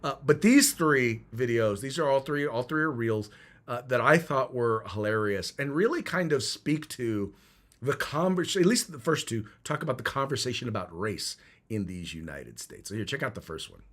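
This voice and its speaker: A man's voice: mid-range voice, expressive, moderate pace, a bit bright. Emphatic male podcast host. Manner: emphatic, with frequent restarts. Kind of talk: political commentary podcast.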